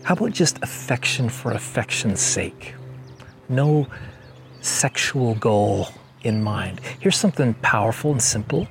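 Male pastor, mid-pitched voice, casual joking sermon delivery with slow, emphatic stresses. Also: animated, vocal fry, a little hiss or hum. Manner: conversational and joking, slows down for emphasis. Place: church service.

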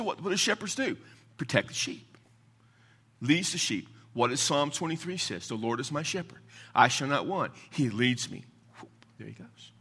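An animated male pastor preaching a sermon, his voice climbing and dropping sharply as he drives each point home. His tone is bright and forceful, and he poses questions to the congregation and answers them himself, slipping into quick asides before his voice falls to a hush. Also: on the high side, slightly rough. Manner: emphatic, call-and-response questions; rapid asides, voice swings from loud to hushed.

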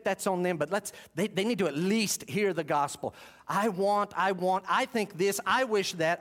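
A man preaching a sermon, switching between emphatic preaching and low, contemplative asides. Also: fairly bright tone. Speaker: pastor.

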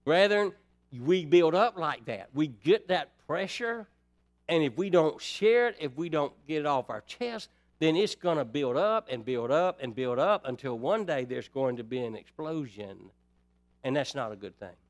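A man's voice: on the high side, animated, moderate pace. A man preaching a sermon in a folksy way, putting rhetorical questions to the congregation.

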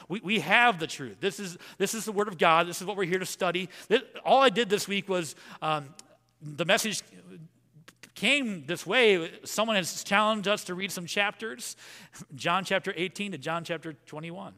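A man preaching a sermon as pastor, animated, swinging between loud emphasis and hushed lines, and reading scripture slowly and deliberately. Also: high-pitched, in a large hall. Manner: reads scripture in a slow, measured voice.

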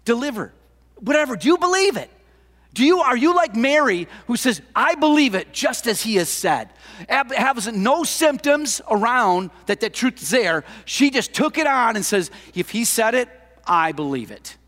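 An older man preaching a sermon as pastor, impassioned, with rhetorical questions, swinging between loud lines and hushed ones. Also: very high voice, animated, moderate pace. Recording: long hall reverb.

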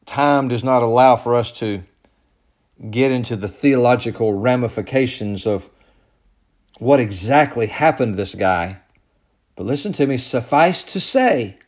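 A man preaching a sermon as pastor, building to loud, emphatic peaks and then dropping low and soft.

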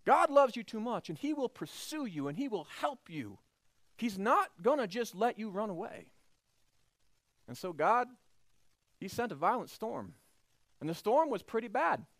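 Brief: male pastor, expressive high voice, dry close recording, storytelling sermon. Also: moderate pace, long pauses, no echo. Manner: animated storytelling, acts out voices.

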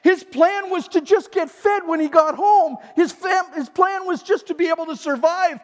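A man's voice: extremely high pitch, normal speed. Impassioned male preacher in a big hall. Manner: impassioned, swings between shouting and quiet. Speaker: pastor. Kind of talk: sermon. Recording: long hall reverb.

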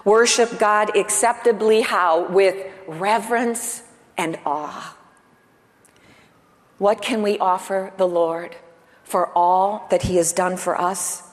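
Woman preaching in a reverberant hall. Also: mid-range voice. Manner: earnest preaching, rhetorical questions to the congregation. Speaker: pastor. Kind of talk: sermon. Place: church.

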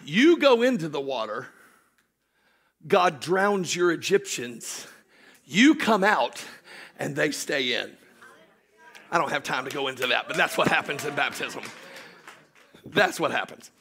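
A man preaching a sermon, animated, swinging from shouted storytelling to hushed joking asides with his congregation. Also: fairly high pitch, a little slow, pauses often, slightly rough. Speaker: pastor.

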